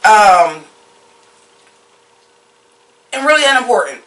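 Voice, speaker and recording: A TV-show reviewer talking in a loose, casual recap style, cursing freely and blunt about every complaint. The voice sits at a mid pitch and sounds set back from the mic, bouncing around an echoey room. The tone turns mocking whenever a scene falls flat. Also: slow pace, distant mic. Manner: blunt, profane, opinionated; animated, mocking. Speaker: TV episode reviewer.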